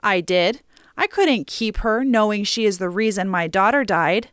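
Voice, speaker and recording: A woman voicing a harsh, hateful elderly grandmother with a shrill voice in an audiobook story. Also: moderate pace, fairly bright tone, clean tone, dry recording, studio quality, close to an everyday voice. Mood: cold. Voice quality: shrill, screeching.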